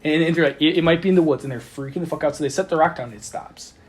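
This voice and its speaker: A young man tells a story to his friends on a casual podcast, his voice sitting a bit high. He stammers and repeats words as he goes. It is recorded on a phone voice memo app. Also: rapid-fire. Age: young adult. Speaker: podcast host telling stories. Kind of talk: casual chat among friends.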